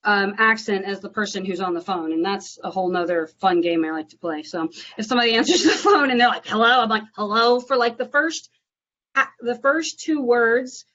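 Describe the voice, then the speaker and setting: Woman from Nashville, agent type, loose chatty delivery with many ums, mid-pitched, slightly muffled audio. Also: a little fast. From Nashville, USA. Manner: chatty, filler-heavy, bright and upbeat on calls. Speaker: real estate agent. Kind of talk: live prospecting calls and Q&A.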